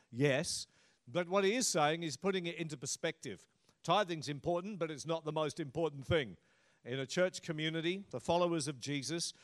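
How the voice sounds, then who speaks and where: A middle-aged male pastor preaches a sermon in a relaxed, chatty way, slipping in light humour as he explains his points. His voice sits a little higher than most men's. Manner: conversational and humorous preaching.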